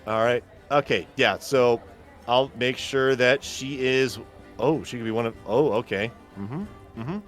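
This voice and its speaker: A man's voice: medium pitch, measured pace, fairly bright tone, faint music behind. A man running a tabletop game as game master, narrating casually and thinking aloud.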